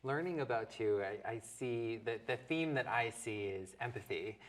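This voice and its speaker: A woman's voice: rumbling low, animated, normal speed, rough recording. A woman hosting a TV interview, asking questions with short encouraging prompts. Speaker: TV host. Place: TV studio.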